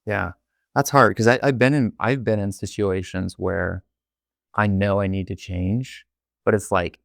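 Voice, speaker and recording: Young male podcast guest, deep and gravelly, candid and rambling, dry close mic. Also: fairly even intonation, unhurried, no echo. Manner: candid, rambling, heavy use of filler "like". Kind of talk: casual interview storytelling.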